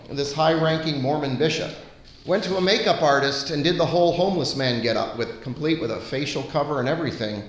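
A man preaching a sermon in an earnest, conversational way, pausing often between phrases. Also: a little high, echoey room, highs cut off, slight background noise.

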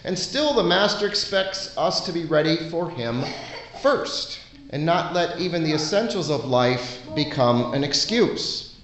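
A man preaching a sermon in an earnest, conversational way, pausing often between phrases. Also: on the high side, sing-song, fairly bright tone, roomy sound, poor audio.

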